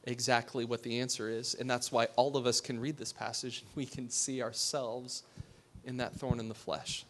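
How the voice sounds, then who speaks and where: A pastor giving a sermon. He talks in a conversational way, asks his listeners questions and drops to a hush for emphasis. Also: mid-range voice, level tone, moderate pace.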